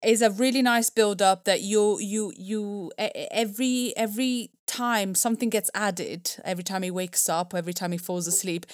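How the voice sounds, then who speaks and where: A woman co-hosting a podcast in casual chat, chatty and animated, her pitch jumping up when she gets excited. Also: moderate pace, hardly any pauses, dry recording, studio quality. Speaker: podcast co-host.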